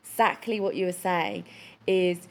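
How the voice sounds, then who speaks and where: A woman's voice: lowish voice, measured pace. Chatty woman podcast co-host. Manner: chatty, self-interrupting. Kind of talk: casual podcast chat.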